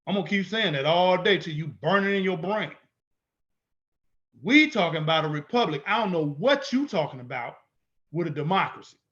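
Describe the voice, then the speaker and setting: A man's voice: high voice, animated, normal speed, fairly bright tone, highs cut off. A man teaching in an emphatic way, repeating his points and asking rhetorical questions. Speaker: instructor. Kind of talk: teaching lecture.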